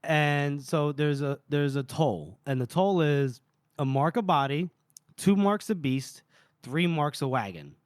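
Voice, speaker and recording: Animated podcast man, high and dry. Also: measured pace, clear, resonant tone, no room sound. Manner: animated retelling with laughs. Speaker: podcast co-host. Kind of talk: casual book-discussion chat.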